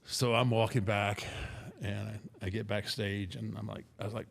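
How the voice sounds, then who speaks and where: A middle-aged man casually telling a rambling, self-deprecating story with restarts, in a gravelly voice. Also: fairly low pitch, level tone, normal speed, hardly any pauses, a little hiss or hum. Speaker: podcast guest storyteller.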